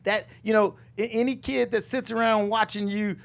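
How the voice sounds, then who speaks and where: Loud emphatic middle-aged man coaching. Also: sits high, fairly even intonation, normal speed, vocal fry. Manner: loud, emphatic, repeats phrases, jokes and laughs. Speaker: real estate coach and show host. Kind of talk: live motivational finance talk.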